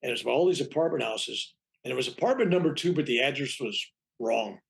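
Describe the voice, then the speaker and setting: An older reverend tells a personal story as an interview guest. His voice is gravelly and mid-pitched. He rambles, restarts his sentences and acts out the dialogue. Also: lively intonation, fast talker. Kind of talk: anecdotal storytelling in conversation.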